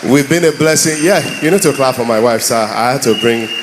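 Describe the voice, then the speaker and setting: A Nigerian man in his thirties telling comic stories live, urging the crowd to clap and shout. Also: mid-range voice, fairly even intonation, fairly quick. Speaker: comedian. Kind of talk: live stand-up storytelling. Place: church hall. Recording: reverberant hall with faint noise.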